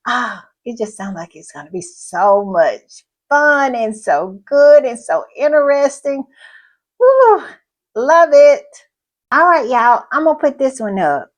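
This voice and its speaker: Slow, effusive woman channel host. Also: on the high side. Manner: effusive, exclaiming and laughing. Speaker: royal commentary channel host. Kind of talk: casual commentary.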